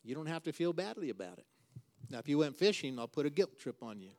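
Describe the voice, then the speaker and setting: A man preaching a sermon as pastor. He builds to loud, emphatic, repeated refrains and then drops to a soft, quiet voice for prayer. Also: very animated, fast. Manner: preaching with dramatic swings in pitch and volume.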